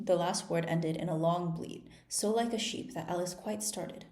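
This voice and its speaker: A woman narrating a children's storybook in a gentle, clear reading-aloud manner. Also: on the low side, moderate pace, few pauses, reverberant. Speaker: storybook reader.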